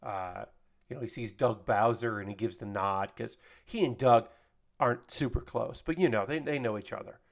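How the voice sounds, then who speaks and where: A man's voice: mid-range voice, normal speed, vocal fry. A man chatting casually on a live stream while building LEGO, rambling and swearing freely as he reads out chat messages.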